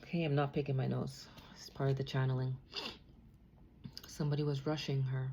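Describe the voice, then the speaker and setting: A woman's voice: a bass voice, little pitch movement, a little fast, gravelly, a little hiss or hum. A woman giving a tarot reading alone, emotional and prone to repeating her phrases. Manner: emotional, repeats phrases, drifts into soft sung lines. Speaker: tarot reader.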